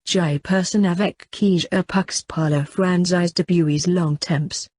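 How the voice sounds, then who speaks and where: A woman reading a brisk, snobbish mother. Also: fairly low pitch, steady tone, a little mellow, no echo.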